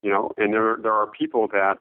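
A man answering interview questions in casual talk, halting, with many fillers and restarts, heard over a phone line. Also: lowish voice, flat delivery, no echo. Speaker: interview guest, note investor.

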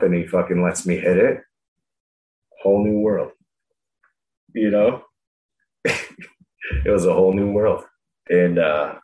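Young guy, super deep voice, swearing and rambling thru a story, real casual. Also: roomy sound, rough recording. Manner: profane, rambling, slangy. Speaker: guest telling a story.

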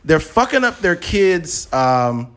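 A man's voice: fairly high pitch, takes it slowly, clean tone. Blunt, profane male podcast host. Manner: blunt, profane, animated storytelling. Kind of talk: casual podcast chat.

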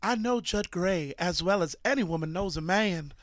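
A man reading the part of a melodramatic 1920s wife protesting her innocence, in a deliberately bad mock old Southern lady accent. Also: sits high, expressive, background noise. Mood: indignant. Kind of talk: dramatic reading on a podcast.

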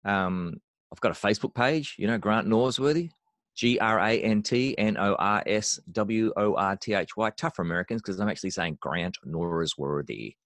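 A man, a worship mentor, talking in an animated, emphatic way as a podcast guest, often repeating words as he starts a phrase. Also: fairly low pitch, moderate pace, no echo. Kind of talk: conversational interview.

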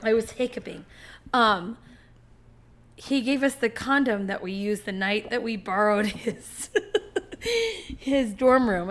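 A woman's voice: medium pitch, slow, long pauses, fairly bright tone. A woman co-hosting a casual chat, tipsy with hiccups, telling candid stories and giggling often.

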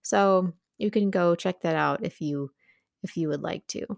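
A woman's voice: lowish voice, a little slow, creaky, darkish tone, no echo. Giggly young woman, dry close sound. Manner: enthusiastic, giggly, with fillers. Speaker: podcast co-host. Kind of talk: casual book podcast chat.

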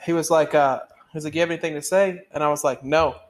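A man's voice: a little high, fairly even intonation, fast talker. A man co-hosting a casual podcast from home, talking in a blunt, dry, matter-of-fact way. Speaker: podcast co-host, service member. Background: dogs at home.

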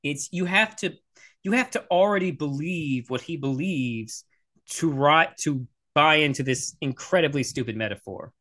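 A young man giving blunt, sarcastic reaction commentary, swearing freely and talking in quick restarts. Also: fairly high pitch. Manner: blunt, profane, sarcastic, animated. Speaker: commentator reacting to video clips.

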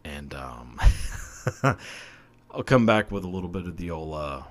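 A young man hosts his own podcast alone, talking in a loose, rambling way. His voice sits a little on the low side, and he swears freely, mocks himself and laughs often. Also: very animated, a little slow, fairly bright tone. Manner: rambling, profane, self-deprecating with frequent laughs. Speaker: podcast host. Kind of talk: casual solo podcast monologue.

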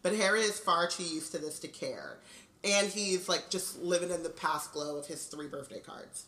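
Bright-voiced chatty woman. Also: lowish voice, lively intonation, normal speed, reverberant, low-quality recording. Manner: chatty, says "like" constantly, laughs often. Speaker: podcast co-host. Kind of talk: casual chat and book reading.

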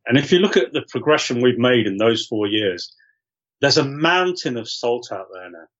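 A man's voice: mid-range voice, lively intonation, normal speed, fairly bright tone, muffled recording. A man, a podcast guest, chatting casually about football and pressing his point insistently.

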